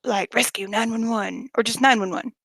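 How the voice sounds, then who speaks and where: Young Southern woman streamer, chatty and animated, high voice, dry close sound. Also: moderate pace, creaky, no echo. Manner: rambling, animated storytelling with frequent laughs and swearing. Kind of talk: casual late-night chat.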